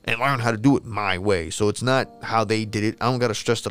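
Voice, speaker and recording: A man's voice: lowish voice, brisk, few pauses, fairly bright tone, faint music behind. A man, talking casually and rambling, swearing a lot and losing his train of thought. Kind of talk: casual monologue.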